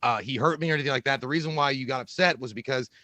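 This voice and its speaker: A man co-hosting a podcast, telling animated, profanity-laced stories in casual chat. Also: medium pitch, racing, dry recording. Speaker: podcast co-host.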